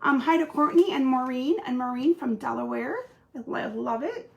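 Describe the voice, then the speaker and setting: Woman, high voice, slightly hoarse, chatty craft livestream host, lots of ums. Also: normal speed, highs cut off. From Michigan, US. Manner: chatty, greets viewers by name, many fillers. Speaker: craft demonstrator hosting a weekly live stream. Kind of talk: casual live-stream chat with viewers.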